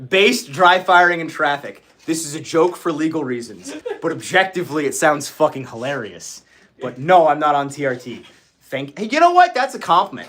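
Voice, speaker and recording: A man hosts a casual livestream chat, ranting with plenty of swearing and frequent laughter. His voice sits fairly high and has a sharp tone.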